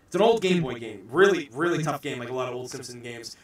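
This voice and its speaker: A man from the United States hosting a casual podcast chat, excitable, swearing freely and shouting out bits of impressions. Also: mid-range voice, fast, very echoey, far from the mic. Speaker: podcast host.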